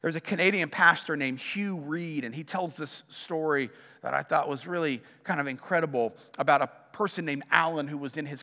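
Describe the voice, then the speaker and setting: High-voiced bright preacher in a reverberant church. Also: male voice. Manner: storytelling, animated and emphatic. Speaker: pastor. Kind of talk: sermon.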